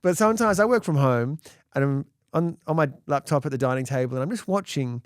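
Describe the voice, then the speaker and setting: A man's voice: a little high, a little fast, no echo, clean studio sound. A man co-hosting a podcast, chatting casually and acting out other people's lines as he tells stories. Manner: animated storytelling, acting out quotes. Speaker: podcast co-host. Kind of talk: casual chat.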